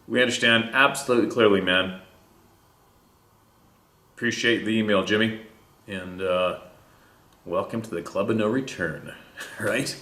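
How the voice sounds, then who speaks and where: A man with a Canadian accent hosting a podcast, telling stories in a relaxed, rambling way and tossing in "eh". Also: fairly low pitch, a little slow, long pauses, reverberant. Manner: relaxed, rambling, drops "eh" and laughs. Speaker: podcast host. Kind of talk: casual storytelling chat.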